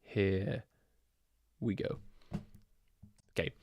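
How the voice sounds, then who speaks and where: Low-voiced man chatting on a livestream. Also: extremely slow, vocal fry, a little mellow, slight background noise. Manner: chatty, thinks aloud, addresses viewers as guys. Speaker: fantasy football livestream host. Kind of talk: casual livestream chat.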